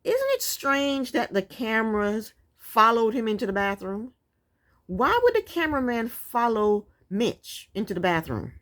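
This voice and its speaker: Female recap vlogger, chatty and opinionated, lively, expressive delivery. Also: fairly high pitch, unhurried. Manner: blunt, sassy, chatty with frequent asides.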